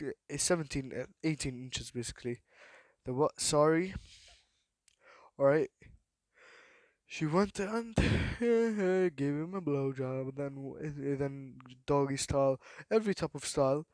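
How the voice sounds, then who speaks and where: Male storyteller, off-the-cuff and halting, mid-range voice, dry close recording. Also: mid-range voice, darkish tone, dry recording. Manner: halting, full of fillers and repeated "then what?". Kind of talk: rambling improvised fan story retelling.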